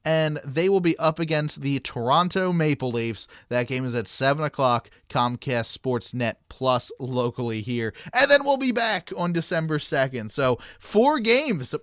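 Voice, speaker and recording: A man co-hosting a sports podcast in casual chat, talkative and quick to laugh, often restarting his sentences. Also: fairly high pitch, animated, fairly bright tone, no room sound, studio quality. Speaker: podcast co-host.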